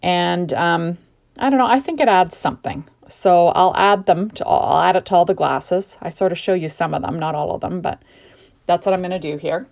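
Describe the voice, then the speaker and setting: Her voice is fairly low, creaky and darkish, moving at a normal speed. A middle-aged Canadian woman, she sleepily narrates a home card-making tutorial, yawning while she gushes and rambles in chatty asides.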